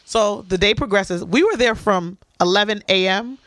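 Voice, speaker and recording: Animated woman telling a story. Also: mid-range voice, moderate pace, dry recording. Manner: animated, profane storyteller acting out dialogue. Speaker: podcast co-host. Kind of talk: casual storytelling chat.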